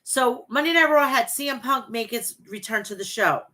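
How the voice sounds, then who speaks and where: Pitched on the high side and delivered at normal speed, her voice comes across pushed and bright. This woman in her 40s hosts a casual wrestling podcast, swearing, gushing and rambling while responding to her live chat.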